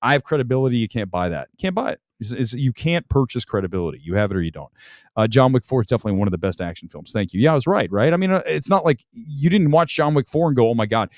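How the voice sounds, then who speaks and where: Ranting, animated male movie critic. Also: fast, no room sound, studio quality. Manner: animated, ranting, swings from loud outbursts to low mutters. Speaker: film critic show host. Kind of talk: opinionated livestream movie talk. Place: home room with film boxes and jerseys.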